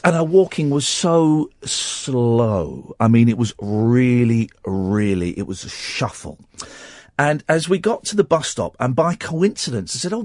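A man hosting a radio show, telling a personal story while close to tears, halting and restarting often. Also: medium pitch, no room sound. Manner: halting and tearful, with many restarts. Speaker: radio host.

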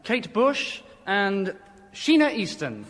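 A man co-presenting mock awards in a radio comedy sketch, reading nominations deadpan. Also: sits high, takes it slowly, background noise.

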